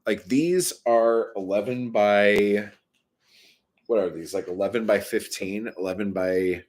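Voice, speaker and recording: A man's voice: sits low, darkish tone. A man casually telling a story in a vlog, swearing often and rambling with many fillers and asides. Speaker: vlogger.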